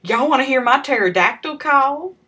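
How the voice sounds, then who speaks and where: A woman's voice: high-pitched, expressive, normal speed, pushed and bright, distant mic, voice pushed up. A woman putting on a twangy Southern tweaker guy. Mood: eager. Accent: exaggerated Deep South drawl. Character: twitchy wiry redneck tweaker man, chain-smoking.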